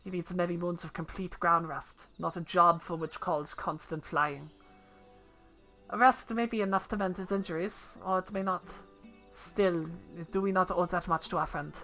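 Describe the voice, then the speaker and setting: A gentle, stately noblewoman from a fantasy game speaks quietly and deliberately, as a woman reads her lines aloud. The voice is bright at its core but held low and unhurried. Faint music plays underneath. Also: natural voice. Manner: soft, measured, formal. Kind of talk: reading game dialogue aloud.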